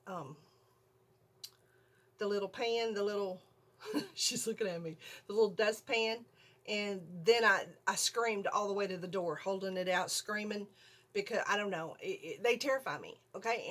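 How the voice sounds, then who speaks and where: Husky older woman telling a story. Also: mid-range voice. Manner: animated, keeps checking in with "okay?". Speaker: vlogger. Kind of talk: casual storytelling. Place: home video room.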